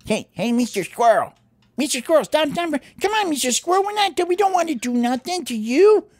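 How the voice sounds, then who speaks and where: A man voicing an excitable pet bird playing detective, with squeaky, indignant outbursts in a home-made pretend play. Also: moderate pace, dry recording. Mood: pleading.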